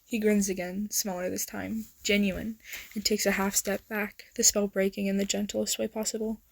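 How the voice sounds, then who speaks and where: A young woman narrating a second-person romance story in a soft, intimate voice that slips into whispers. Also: mid-range voice, little pitch movement, moderate pace, gravelly, a little hiss or hum. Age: young adult. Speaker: fan fiction narrator.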